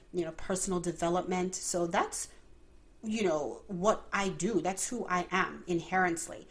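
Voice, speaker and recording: A woman hosting a faith podcast, praying earnestly and then chatting in an animated way, often laughing. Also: on the low side. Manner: prayerful, earnest. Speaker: podcast host. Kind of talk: unscripted faith podcast talk.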